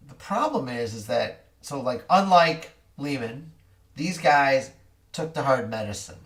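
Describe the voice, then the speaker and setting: A man's voice: mid-range voice, expressive, a little slow, a bit bright. A man giving casual market commentary in a rambling, wry way with corny jokes, a little distant from the mic.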